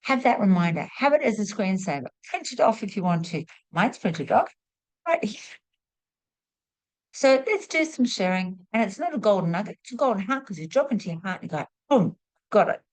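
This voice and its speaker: Female teacher hosting a class on a video call, warm and encouraging. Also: medium pitch, very animated, normal speed. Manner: warm, repeats praise words in threes. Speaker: host and spiritual teacher. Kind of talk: live online class, leading a sharing round.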